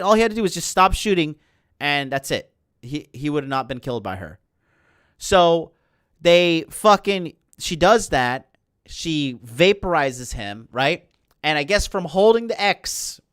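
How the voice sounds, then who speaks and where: A man's voice: mid-range voice, a bit bright, clear, resonant tone, no echo, studio quality. A man hosting a podcast, recapping a movie in a casual, indignant rant full of swearing and fillers. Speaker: podcast host.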